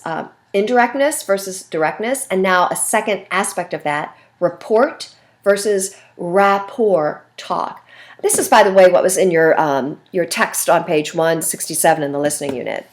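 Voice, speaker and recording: A woman teaching a communication class in a recorded video lecture, expressive and talking with her hands, acting out everyday conversations. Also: medium pitch, moderate pace. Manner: acts out phone calls in lively voices. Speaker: communication instructor.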